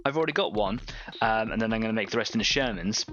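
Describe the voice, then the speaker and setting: A man's voice: lowish voice, quick pace, dull audio. A man hosting a live painting stream, chatting casually, rambling and laughing at his own jokes.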